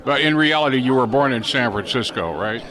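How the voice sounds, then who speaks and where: A man's voice: medium pitch, fairly quick. Genial interviewer man amid crowd. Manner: genial, teasing, reminiscing. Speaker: interviewer, former chief engineer. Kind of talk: casual interview chat. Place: outdoor reunion gathering. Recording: crowd chatter outdoors.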